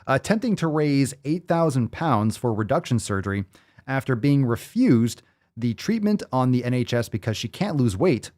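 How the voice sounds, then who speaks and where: An American man hosting a casual commentary show, reading news stories and riffing on them with profane, animated remarks. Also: medium pitch. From United States. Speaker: host.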